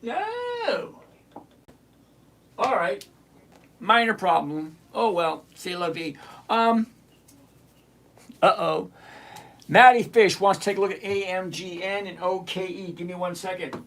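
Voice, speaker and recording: A man with a fairly high voice hosts a live trading stream. He reads out viewer names and greets them, teases the ones who slip up, and slows down whenever he explains a calculation. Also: fairly even intonation, fairly bright tone. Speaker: livestream trading show host. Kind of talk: live-stream chat answering viewer comments.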